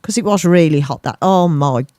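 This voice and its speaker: A woman's voice: deep voice, moderate pace, warm tone, dry recording. A woman, presenting a local radio show in a rambling, chatty way, interrupting herself with asides. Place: radio studio. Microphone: studio microphone.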